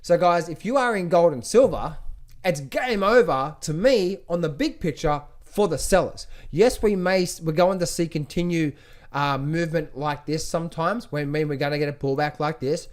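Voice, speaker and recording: Middle-aged guy ranting about gold, slightly high voice, jumps in and out of squeaky mock voices, says guys a lot. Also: normal speed. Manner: animated, mimics panicked traders in a high voice; frequent fillers and restarts, addresses viewers as guys. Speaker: trading educator. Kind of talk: casual market commentary to camera.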